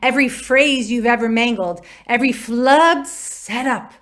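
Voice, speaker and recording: A woman's voice: fairly high pitch, a little slow, fairly bright tone. A woman playing a sarcastic female ghost of dropped lines in a stage play, taunting and theatrical.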